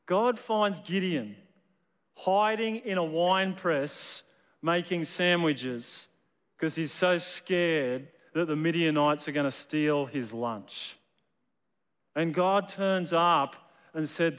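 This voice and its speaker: High-voiced preacher telling a story. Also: male voice, slow, a bit bright, in a large hall. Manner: storytelling, repeats words as he builds. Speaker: pastor. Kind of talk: sermon.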